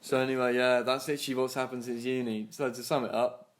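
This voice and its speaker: A young man in his twenties rambles through a story on a casual podcast, swearing freely and laughing as he goes. He slips into other people's voices to act out what they said, at a middle pitch. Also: level tone, fast talker. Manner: acts out other people's lines in his retelling. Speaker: podcast co-host.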